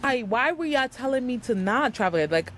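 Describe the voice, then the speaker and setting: A young woman from the United States, a podcast guest chatting casually and telling animated travel stories. She acts out other people's lines and fills her talk with "like.". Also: on the high side, normal speed, slight background noise. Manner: animated storyteller, acts out quotes, says "like" often. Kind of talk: casual chat.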